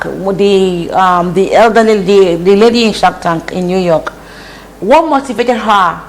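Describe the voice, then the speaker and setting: A woman talks slowly and deliberately as she cooks in a home kitchen. Her tone is preachy and she repeats phrases for emphasis. A faint hum of noise sits behind her voice. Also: mid-range voice, rough recording. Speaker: host. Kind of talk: casual cooking vlog talk.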